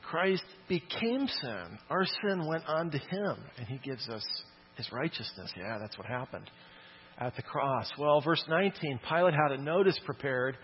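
A man's voice: a little high, very animated, moderate pace, highs cut off, slight background noise. A man preaching a sermon in a church, talking in a conversational but emphatic way and often asking "okay?". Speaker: pastor.

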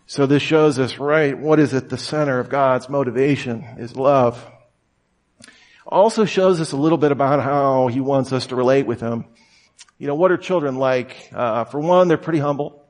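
A man preaching a conversational sermon, telling stories casually with lots of fillers and acting out quotes. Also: unhurried. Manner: casual and storytelling, many "you know" and "like" fillers; acts out quoted voices with sudden high shouts. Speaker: pastor.

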